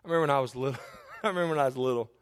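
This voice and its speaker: A man's voice: mid-range voice, very fast. A middle-aged man, preaching a sermon as pastor and telling homespun stories with many restarts and asides. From Eastern Kentucky.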